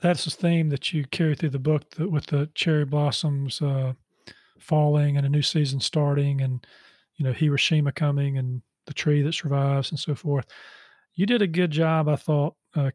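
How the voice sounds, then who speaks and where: A man's voice: fairly high pitch, darkish tone, no room sound. A man hosting an interview, speaking with a hesitant manner and many fillers. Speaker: interview host.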